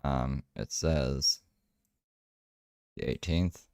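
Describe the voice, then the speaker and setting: A man's voice: rumbling low, extremely slow, a little mellow, no room sound, clean studio sound. A man hosting a reaction commentary, blunt and swearing, sounding tired. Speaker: commentary channel host.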